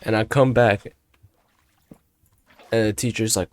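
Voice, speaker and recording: Teen guy rambling about school, kinda low voice, swears a lot, super casual. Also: fairly even intonation, a little slow. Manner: slangy and profane, rambling with restarts. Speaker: student storyteller. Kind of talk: casual storytelling monologue.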